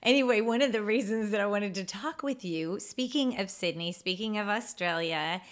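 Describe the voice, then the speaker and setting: A woman's voice: mid-range voice, normal speed. A woman from Texas with a Texas accent, hosting a podcast in a chatty, laughing manner. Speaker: podcast host. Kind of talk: casual interview.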